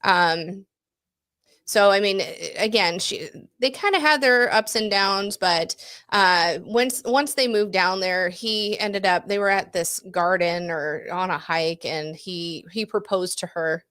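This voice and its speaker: A woman's voice: mid-range voice, slow pace, fairly bright tone, clear, resonant tone, no room sound, clean studio sound. A woman co-hosting a podcast, retelling a true-crime case in a chatty way, with lots of fillers, self-corrections and easy laughs. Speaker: podcast co-host. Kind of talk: casual true-crime chat.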